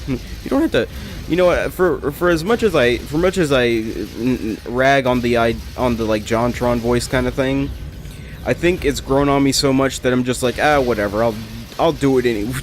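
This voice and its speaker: A man's voice: mid-range voice, normal speed, a little hiss or hum. A young man rambling and joking through casual gameplay commentary, often correcting himself mid-sentence. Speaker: let's play gamer.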